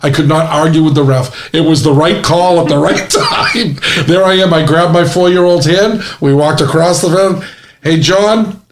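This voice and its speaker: A man's voice: on the high side, normal speed, few pauses. A middle-aged man from New England, co-hosting a podcast, telling a funny story casually and laughing at his own punchlines. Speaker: podcast co-host.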